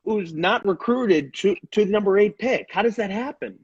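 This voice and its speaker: A man's voice: high-pitched, lively intonation, normal speed, slightly rough, no echo. A man hosting an interview, restarting and repeating words as he asks his questions. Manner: stumbling, repeats words when asking questions. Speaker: host. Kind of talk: casual interview. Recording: dull dry lo-fi sound.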